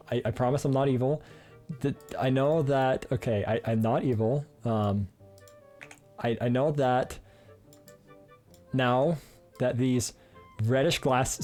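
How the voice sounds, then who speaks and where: A man at an ordinary middle pitch chats through a live gameplay stream in a teasing, playful way. He often stumbles and repeats words as he goes, with faint game music playing behind him. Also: darkish tone.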